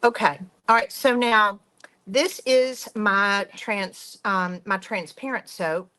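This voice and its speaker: An enthusiastic woman, possibly in her fifties or older, hosting a live demonstration of soap-making crafts and chatting warmly to her viewers. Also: mid-range voice, steady tone, takes it slowly. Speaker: workshop host.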